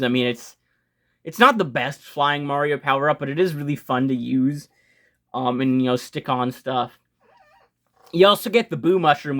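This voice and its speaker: A young man hosting a casual video game ranking vlog, talking fast and excitedly, gushing and swearing casually with frequent restarts. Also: mid-range voice. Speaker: video game channel host.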